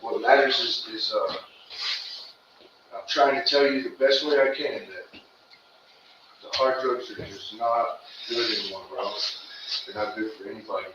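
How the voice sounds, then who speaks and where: A man's voice: on the low side, moderate pace, long pauses. A man sharing an earnest, rambling personal testimony at a recovery meeting, talking in casual slang. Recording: distant, echoey, muffled room recording with noise.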